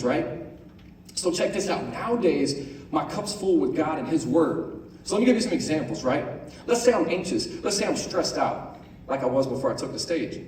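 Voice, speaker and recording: A young man giving a casual, conversational sermon to a youth group, often asking "right?" and reading scripture out slowly. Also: on the high side, a little mellow, a little hiss or hum. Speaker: youth pastor. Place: large room on stage. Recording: echoey room, voice from far off.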